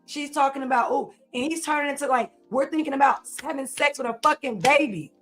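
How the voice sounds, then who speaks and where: A woman joining a casual live stream with her partner, speaking in a sharp, scolding way. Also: sits high, fairly quick, soft background music.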